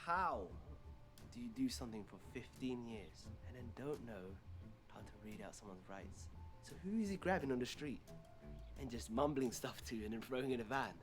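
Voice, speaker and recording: A man's voice: medium pitch, expressive, moderate pace, music in the background. A man on a panel reacting with sarcastic disbelief in casual commentary. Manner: incredulous, sarcastic.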